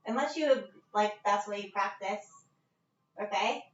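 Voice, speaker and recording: With a mid-range voice at a moderate pace, a woman teaches a live-streamed yoga class from her living room, a little out of breath. The phone is set at a distance, making the recording roomy and muffled with a little hiss or hum. Her manner is casual and chatty, punctuated by laughter.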